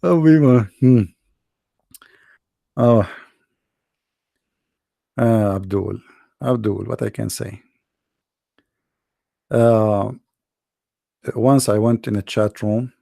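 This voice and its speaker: A man's voice: lowish voice, slow pace, vocal fry, long pauses, mellow, no echo, studio quality. A man hosting a livestream, telling mocking stories in a casual rant, often repeating his words and laughing. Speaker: livestream host debating callers.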